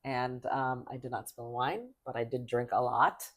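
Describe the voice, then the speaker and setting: A middle-aged woman co-hosting a casual sports podcast, chatty and emphatic, rambling with quick restarts. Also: rumbling low, steady tone. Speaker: podcast co-host.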